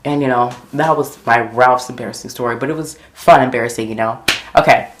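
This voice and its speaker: A man vlogging, telling embarrassing stories in an animated, dramatic way, full of fillers. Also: medium pitch, brisk. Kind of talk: casual storytelling to camera.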